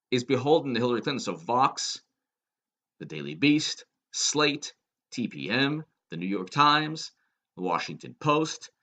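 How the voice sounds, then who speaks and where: A man's voice: mid-range voice, sharp tone. A man giving a political commentary monologue, sarcastic and emphatic, firing off rhetorical questions.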